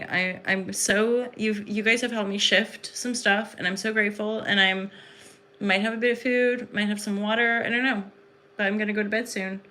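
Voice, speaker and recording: A woman chatting into her phone on an evening livestream, her voice bright and forward at a mid pitch. She rambles warmly and effusively, piling on fillers as she talks to her viewers from home. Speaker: livestream host and spiritual reader. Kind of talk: casual livestream chat.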